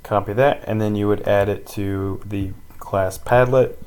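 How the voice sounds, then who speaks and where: Low-voiced teacher guy walking thru a tutorial, monotone, lotsa ums, slow. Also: clean tone, poor audio. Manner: rambling, many ums and pauses. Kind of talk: casual screen-recorded tutorial.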